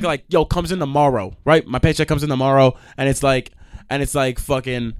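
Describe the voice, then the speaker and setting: A young man hosting a podcast, ranting in a profane, animated way with sudden loud outbursts. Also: medium pitch, a little fast, clear, resonant tone, no echo, studio quality. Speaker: podcast host. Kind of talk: ranting monologue.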